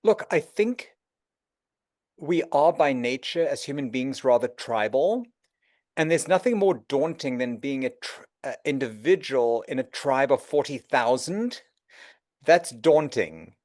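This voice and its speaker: A man as an interview guest, telling animated stories and acting out quotes in a conversational way. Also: medium pitch, unhurried, dry recording, studio quality. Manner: animated storyteller, acts out quotes.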